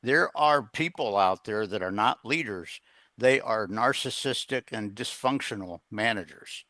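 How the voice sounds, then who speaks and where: Brief: middle-aged male coach on a podcast, lowish voice with a sharp, forceful edge, earnest and meandering, lots of "uh" and "you know". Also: lively intonation, unhurried, dry recording. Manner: rambling, with many fillers and restarts; earnest, plain-spoken. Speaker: guest, executive coach. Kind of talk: conversational storytelling in an interview.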